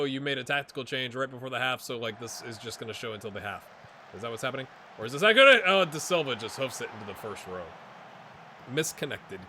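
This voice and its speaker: A middle-aged man giving live gameplay commentary on his football management game, swinging from low mutters to excited shouts. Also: slight background noise. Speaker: gaming YouTuber.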